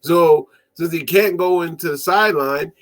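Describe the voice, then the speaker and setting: A man casually recapping an old movie, animated and laughing as he acts out the characters' lines. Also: a little high, normal speed, no echo. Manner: animated, laughing, acting out quotes in voices. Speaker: podcast host.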